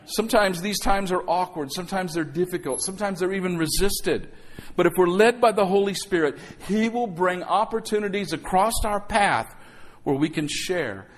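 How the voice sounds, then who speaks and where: A man's voice: high-pitched, normal speed. A man pastor preaching a sermon to his congregation, calling out for amens and acting out quotes. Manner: calls for amens, acts out quotes. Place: church sanctuary.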